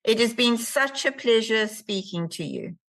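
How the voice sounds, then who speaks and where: A woman's voice: on the high side, lively intonation, a little slow, creaky, a bit bright. A woman with a South African accent, a palliative care nurse hosting an interview and telling stories in an earnest, emphatic way. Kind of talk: conversational interview.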